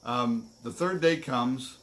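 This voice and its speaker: A man of middle pitch tells a story on a live stream in a relaxed, candid way, owning up to his own fears. Faint crickets chirp behind him. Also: slow pace, a little hiss or hum. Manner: candid, earnest, self-deprecating. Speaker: co-host.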